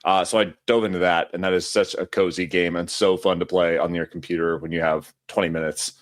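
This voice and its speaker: Low-voiced playful male podcast host. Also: level tone, fairly quick, dry recording, clean studio sound. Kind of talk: casual chat.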